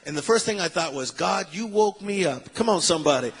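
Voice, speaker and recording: A middle-aged male preacher telling a story in a sermon, animated and acting out the voices of people in it, calling out to his listeners. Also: on the high side, a little fast, husky, low-quality recording.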